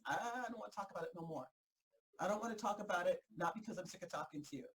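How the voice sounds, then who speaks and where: A woman hosting a motivational group talk, energetic and emphatic, repeating herself for effect and breaking easily into laughter. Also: on the low side, quick pace, low-quality recording. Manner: energetic, fired-up, emphatic repetition. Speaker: host and motivational coach.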